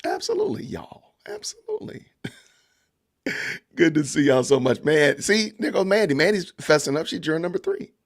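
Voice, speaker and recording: Gravelly Georgia-accented man chatting. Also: on the high side, lively intonation, moderate pace. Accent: Southern US, Georgia. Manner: laid-back, chatty, greets viewers. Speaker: podcast host. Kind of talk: casual livestream chat.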